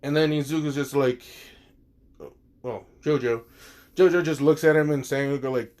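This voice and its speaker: A man's voice: mid-range voice, fairly even intonation, moderate pace, pauses often, a little mellow. A man casually retelling a fan story, rambling and swearing, with many fillers and asides.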